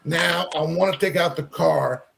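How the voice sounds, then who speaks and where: Gravelly-voiced man telling a rambling story. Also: fairly high pitch, unhurried, noisy background. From Texas. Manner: rambling, animated, many fillers. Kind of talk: casual storytelling.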